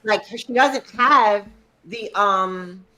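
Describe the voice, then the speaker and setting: A woman's voice: mid-range voice, very slow, bright, forceful tone, slight background noise, rough recording. A woman co-hosting a TV review show in casual chat, laid-back, explaining and chiming in.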